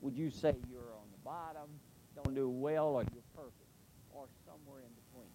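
A middle-aged man preaching a sermon in an earnest, emphatic way, slowing down to stress key points. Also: medium pitch, background noise. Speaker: pastor.

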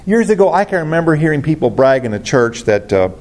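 A man's voice: fairly high pitch, very animated, quick pace, a little mellow. A man pastor preaching a sermon, earnest and preacherly, addressing the congregation directly.

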